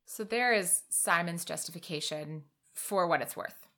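Woman, slightly low voice, bright tone, podcast co-host, thoughtful plot recap. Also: a little slow. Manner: thoughtful, hesitant, with restarts when giving opinions. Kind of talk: casual book discussion podcast.

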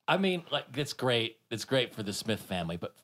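A man's voice: mid-range voice, sing-song, normal speed, a bit bright. A man hosting a podcast, talking in a loose, rambling way and laughing often. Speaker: podcast host. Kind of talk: casual chat.

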